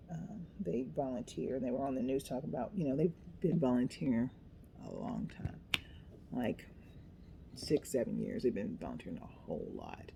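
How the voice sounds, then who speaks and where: Mellow-voiced chatty woman crafting. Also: extremely low pitch, creaky, a little hiss or hum. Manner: chatty, self-deprecating, talks to herself while working. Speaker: craft vlogger. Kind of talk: rambling casual chat while crafting.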